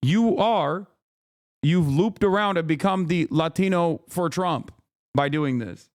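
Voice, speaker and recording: A streamer host in his thirties, exasperated, rants through casual commentary and swears freely while reading posts aloud. His smooth, resonant voice is a little high, with lively intonation and a slow pace. The sound is dry and close, with no echo or room around it.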